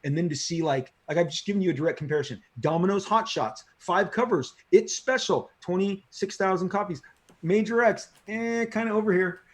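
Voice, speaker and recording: A middle-aged comic book creator telling stories in a casual interview, excitable, slangy and repeating himself as he gets fired up. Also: high voice, brisk.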